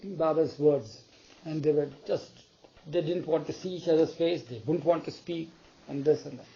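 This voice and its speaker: A man's voice: fairly high pitch, moderate pace, creaky, lo-fi sound. A man retelling a spiritual story to an audience, acting out the dialogue and asking listeners questions as he goes. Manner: animated, acts out the dialogue, asks the audience questions.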